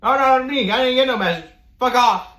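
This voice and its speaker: A man voicing his agitated, whiny male roommate in a shrill, defensive tone. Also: brisk, pushed and bright, echoey room.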